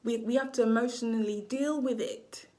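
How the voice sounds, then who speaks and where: A woman's voice: on the high side, fairly even intonation, moderate pace, warm tone. Rambling, foul-mouthed woman astrologer. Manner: rambling, swears freely, loses her train of thought. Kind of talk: casual astrology reading to camera.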